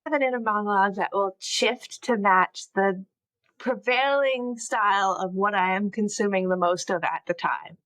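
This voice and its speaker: A woman's voice: mid-range voice, fairly bright tone, no echo, rough recording. A woman hosting a podcast, chatting casually about a film, joking and asking her set questions. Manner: chatty, quick jokes, asks set questions. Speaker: podcast host.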